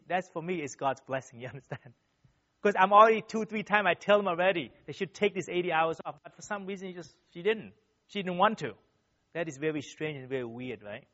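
A man's voice: high voice, fairly bright tone. A man giving a sermon through personal stories, earnestly and animatedly, tagging almost every sentence with a questioning "right?". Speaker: church speaker. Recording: dull, lo-fi sound.

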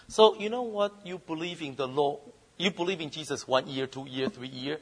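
A middle-aged man with preaching a sermon, swinging between loud emphasis and soft asides. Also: moderate pace, slightly rough. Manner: mimics whining child voices in falsetto. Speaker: pastor.

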